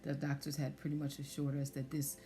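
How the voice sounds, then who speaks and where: A woman sharing a personal testimony in conversation, soft-spoken and hesitant with many fillers. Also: rumbling low, completely flat delivery, fairly quick, soft background music. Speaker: guest sharing pregnancy loss story.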